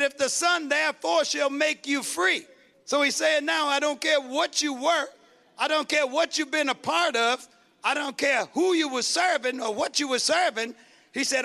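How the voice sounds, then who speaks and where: A man preaching a sermon as pastor, calling out questions to the congregation and building to shouted runs. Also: very high voice, vocal fry. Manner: call-and-response preaching, rising to shouts.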